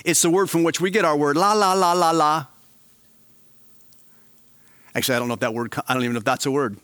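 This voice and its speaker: A male pastor preaching a sermon, swinging between quiet, slow emphasis and animated, raised passages. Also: mid-range voice, dry recording.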